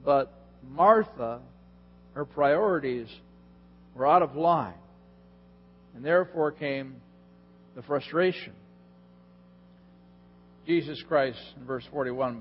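Slow-talking man preaching. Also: mid-range voice. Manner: conversational, chuckling, asks the audience questions. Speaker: pastor. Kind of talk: sermon. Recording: dull lo-fi in a reverberant hall with hum.

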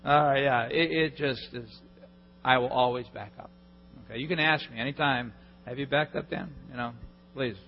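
Man, pastor, sermon, animated storytelling, muffled lo-fi, faint hum. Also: medium pitch, moderate pace. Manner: animated storytelling, self-mocking humor. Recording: dull lo-fi recording in a hall.

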